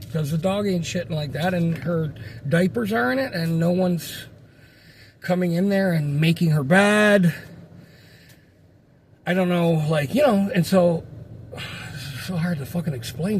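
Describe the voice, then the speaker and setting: A man's voice: a little high, measured pace, long pauses, slight background noise. Frustrated, swearing man venting. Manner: frustrated, swearing, rambling with restarts. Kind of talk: casual rant to camera.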